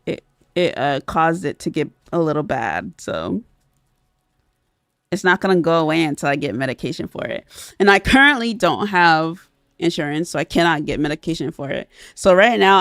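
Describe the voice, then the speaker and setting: A woman's voice: on the low side, dry recording, clean studio sound. A woman streamer chatting casually with a stuffy, sniffly nose, laughing often and swearing freely. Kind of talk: casual livestream chat.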